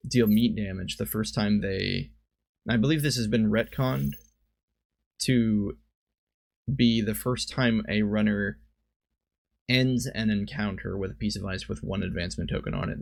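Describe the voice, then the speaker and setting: A man's voice: fairly low pitch, steady tone, measured pace, creaky, darkish tone, no echo. A man giving casual commentary on a card game, thinking aloud and often stopping to correct himself. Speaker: streamer and commentator.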